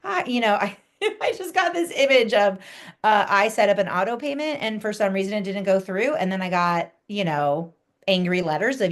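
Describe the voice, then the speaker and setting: Woman, astrologer guest; casual, conversational podcast read, animated asides. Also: mid-range voice, normal speed. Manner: chatty, acts out quoted reactions.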